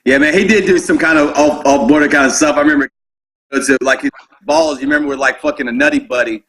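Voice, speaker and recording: A man's voice: on the high side, fast, fairly bright tone. A man telling service stories in joking, rambling casual chat, laughing often and leaning on filler words. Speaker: Marine veteran telling stories.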